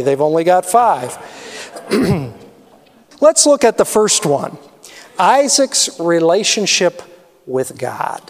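Lively high-voiced male pastor. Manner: conversational, asks the audience questions. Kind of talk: sermon. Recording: long hall reverb.

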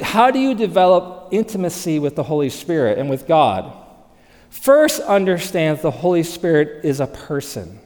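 Male preacher, upper-register voice, animated sermon delivery that drops to quiet intimacy, recorded in a hall with a long echo tail. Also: fairly high pitch, moderate pace. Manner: animated, swings from loud emphasis to hushed softness. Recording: long reverb of a large hall.

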